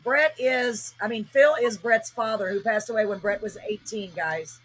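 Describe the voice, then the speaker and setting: A woman's voice: a little high, moderate pace, slightly rough, rough recording. A woman hosting a live paranormal spirit-box session, talking earnestly and emotionally as she calls out to spirits. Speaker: host.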